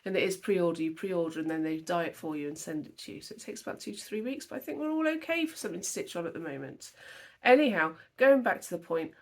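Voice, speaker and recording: A woman's voice: fairly low pitch, lively intonation, fast talker. A young woman chatting at home about her cross-stitch projects, rambling and emotional, filmed at her dining table. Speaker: flosstube host. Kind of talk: casual chat to camera.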